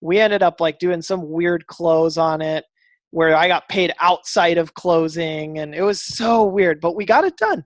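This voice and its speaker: A man guesting on a podcast, telling a story animatedly, acting out dialogue with fillers and quick restarts. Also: fairly high pitch, dry recording. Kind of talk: casual storytelling interview.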